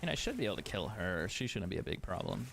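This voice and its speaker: A man's voice: sits low, wildly swooping pitch, quick pace, gravelly, a bit bright, a little hiss or hum. A man streaming a video game, chatting casually, swearing often and laughing at himself. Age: adult. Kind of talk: casual chat while gaming.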